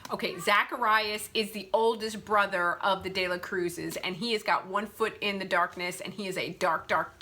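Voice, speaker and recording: Bright-voiced woman chatting about books. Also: medium pitch. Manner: chatty, animated, frequent fillers and self-corrections. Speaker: book reviewer. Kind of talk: casual book review.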